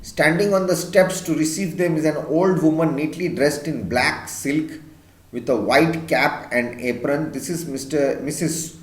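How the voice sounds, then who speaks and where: A man's voice: a little high, a little slow, echoey room, rough recording. A man teaching an English literature class, reading a story aloud and explaining it in simple words.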